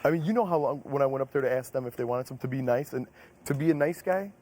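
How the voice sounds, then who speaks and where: Fast-talking, profane young man. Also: medium pitch, darkish tone, poor audio. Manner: blunt and profane. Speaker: reality show contestant. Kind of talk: casual venting. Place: indoor house.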